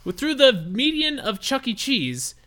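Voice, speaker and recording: Excitable podcast guy, high bright voice, bouncing all over. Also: measured pace. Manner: excitable, animated, acts out reactions in quotes. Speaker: podcast co-host. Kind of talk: casual podcast chat.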